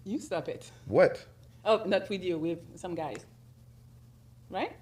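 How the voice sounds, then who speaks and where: A woman's voice: on the low side, lively intonation, a little slow, darkish tone. Giggly teasing woman, faint hum. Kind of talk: casual chat clip.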